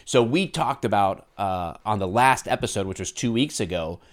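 A man's voice: lowish voice, expressive, normal speed. Joking, rambling man co-hosting a podcast. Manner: joking, rambling, laughs often. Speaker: podcast co-host. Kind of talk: casual podcast chat.

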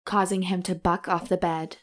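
A woman's voice: lowish voice, flat delivery, moderate pace. A woman co-hosting a chatty podcast, reading passages from a romance novel aloud and joking about them. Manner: giggly, reads passages then jokes about them. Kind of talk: casual chat and reading aloud.

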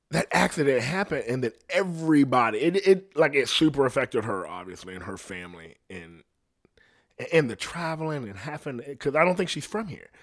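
Male podcast host, loose and profane, mid-pitched, rambles and drops his voice at line ends. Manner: rambling and profane, trails off quietly, frequent self-mocking laughs. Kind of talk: casual profane rant.

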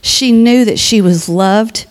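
At a funeral, a woman with a medium-pitched voice speaks slowly, offering a warm, conversational eulogy that shifts into a sermon. She reads scripture aloud and addresses the family directly.

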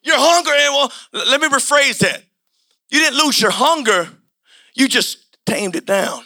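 A man preaching a sermon in a colloquial, repetitive, impassioned way, often rising to a shout. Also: very high-pitched, animated, a little slow, vocal fry.

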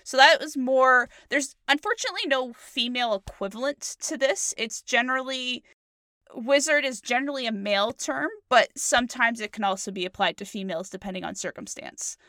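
A young woman co-hosts a storytelling podcast in a playful, giggly way. Her voice is very bright with a lively, bouncing pitch. The room sounds dry. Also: brisk, no echo. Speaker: podcast co-host. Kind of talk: casual chat.

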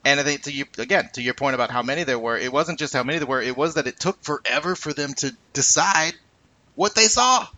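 A man's voice: on the high side, fast, bright, forceful tone. A man hosting a casual sports podcast, reading listener comments with laughing asides.

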